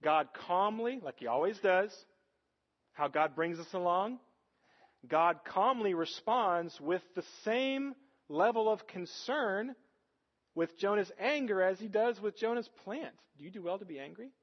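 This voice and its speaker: A man's voice: high-pitched, lively intonation, takes it slowly, lo-fi sound. A man preaching a sermon as pastor, earnest and conversational, often putting rhetorical questions to the congregation.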